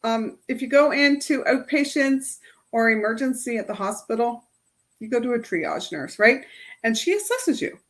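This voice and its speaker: A woman's voice: fairly high pitch, expressive, moderate pace, fairly bright tone. A middle-aged woman life coach leading a self-help workshop in a casual, chatty way, often ending her points with "right?". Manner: chatty, tags lines with "right?". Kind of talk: casual workshop talk to a group.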